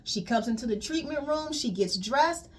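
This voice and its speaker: A woman's voice: high-pitched, animated, normal speed, a little hiss or hum. A woman colon hydrotherapist giving a casual spiritual wellness talk, emphatic and repetitive, calling listeners "queen.".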